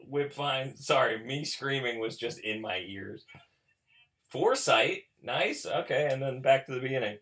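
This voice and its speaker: A man with a slow, drawn-out delivery hosts a card pack opening in easy, offhand commentary. His voice is bright and forceful, and he mocks himself and bursts into excited shouting. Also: medium pitch. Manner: chatty and self-mocking, bursts into excited shouting. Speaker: host opening card packs for viewers.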